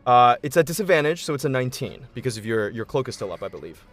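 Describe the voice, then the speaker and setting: A man running a tabletop game as game master, describing scenes at length at a mid pitch. He talks easily, often restarting his phrases, with faint music behind him. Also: very animated, quick pace, a bit bright. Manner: descriptive, accommodating, with frequent restarts.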